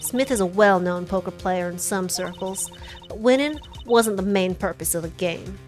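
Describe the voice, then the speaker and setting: Woman putting on a brash Southern card sharp. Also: medium pitch, moderate pace, faint music behind, lightly acted. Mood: smug. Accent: put-on American Southern. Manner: boastful, theatrical. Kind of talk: reading a video game aloud in voice.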